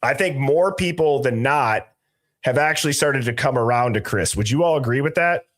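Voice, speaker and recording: An animated man hosts a casual live stream, talking at a normal speed with a medium-pitched voice. His greetings come from reading viewers' chat names out loud, mixed with loose, joking remarks.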